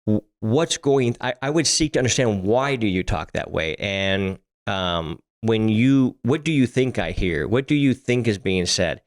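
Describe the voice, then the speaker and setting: In casual podcast chat, this middle-aged co-host talks at a moderate pace with a fairly low pitch and lively intonation, barely pausing. His style is blunt and profane, and he keeps starting sentences over.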